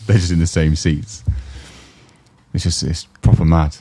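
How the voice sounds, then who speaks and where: A deep, mellow-voiced man chats fast and loosely on a podcast. He rambles through anecdotes and acts out the people he talks about. The sound is dry and close. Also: level tone, breathy edge, dry recording. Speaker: podcast co-host. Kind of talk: casual chat. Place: indoor podcast studio.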